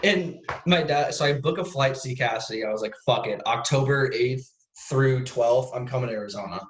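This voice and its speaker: A man's voice: mid-range voice, fairly quick, echoey room, slight background noise, low-quality recording. A young man from Central Illinois co-hosting a podcast over a video call, telling rambling stories full of swearing and impressions of his parents. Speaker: podcast co-host. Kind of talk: casual chat.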